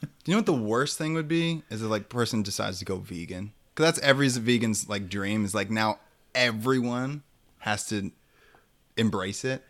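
A man's voice: fairly low pitch, moderate pace, fairly bright tone. A man co-hosting a casual comedic chat, riffing on a joke idea and acting out mock quotes with bursts of laughter.

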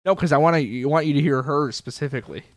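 A man's voice: on the high side, quick pace, dry recording, studio quality. A man co-hosting a casual chat, teasing and playful, laughing often. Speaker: podcast co-host.

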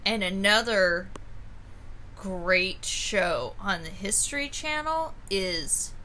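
Bright, unhurried woman co-host, faint noise behind. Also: mid-range voice, expressive. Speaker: podcast co-host. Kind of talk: casual chat.

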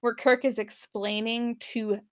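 Woman podcast co-host, higher voice, rambly and giggly. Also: level tone, unhurried. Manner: giggly, rambling, lots of fillers. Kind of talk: casual chat.

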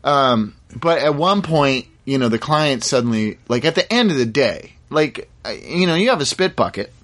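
A man's voice: mid-range voice, lively intonation, normal speed, fairly bright tone. A man in casual chat, telling a story from a shoot with lots of fillers and restarts. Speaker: guest actor.

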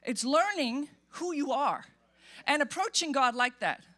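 Woman pastor, high-pitched, emphatic animated sermon delivery in a church. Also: measured pace. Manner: animated, emphatic preaching with acted-out quotes.

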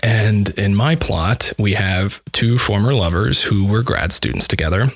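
A man casually retelling a story in conversation, halting often and repeating words as he goes. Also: fairly low pitch, no echo. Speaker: composer describing his dissertation project.

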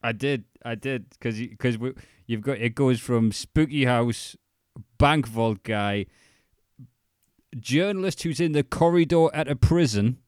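A man's voice: medium pitch, measured pace, darkish tone, clear, resonant tone, dry recording, clean studio sound. A man co-hosting a casual podcast chat, retelling a story with joking asides. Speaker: podcast co-host. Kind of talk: casual chat recapping a documentary.

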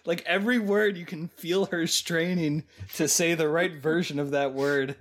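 A man co-hosting a podcast, talking in loose casual chat with a slightly high voice. He is blunt and sarcastic in his opinions and laughs often. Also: steady tone, normal speed, a bit bright. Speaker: podcast co-host.

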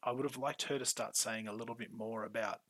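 A man's voice: on the low side, dry recording, poor audio. A man co-hosting a podcast recap, talking casually and animatedly, swearing freely and acting out characters' lines. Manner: animated, acts out characters' lines in quick bursts. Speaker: podcast co-host.

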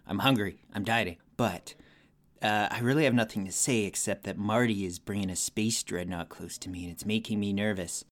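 A man voicing a creepy, sentient evil plant in a hushed, breathy delivery while recording a game confessional. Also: fairly low pitch, close to an everyday voice.

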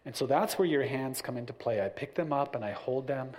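Middle-aged man, casual talk on parenting, animated storytelling, mid-range voice. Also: medium pitch, a little fast. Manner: animated, acts out little scenes with family voices. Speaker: parent giving parenting advice.

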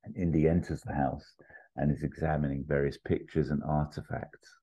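A man co-hosting a podcast, casually pitching a movie plot in a rambling way with many fillers. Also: little pitch movement, moderate pace, warm tone, breathy edge, muffled recording. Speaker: podcast co-host.

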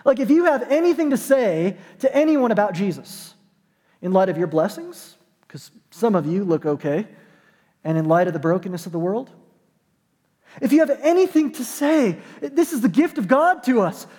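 A man's voice: high voice, lively intonation, normal speed, a little mellow, long reverb tail. A man preaching a sermon as pastor, conversational and emphatic, with dry self-deprecating jokes.

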